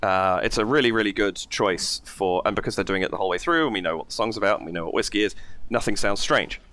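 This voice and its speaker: A man's voice: on the low side, fast, pushed and bright. A man hosting a reaction video, talking casually and enthusiastically as he breaks down vocal technique. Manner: enthusiastic, exclaims and analyzes singing technique. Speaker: reaction channel host.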